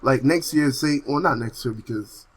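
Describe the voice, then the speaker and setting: A man's voice: mid-range voice, moderate pace, rough recording. A man co-hosting a casual gaming podcast, talking in a blunt, slangy way. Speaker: podcast co-host.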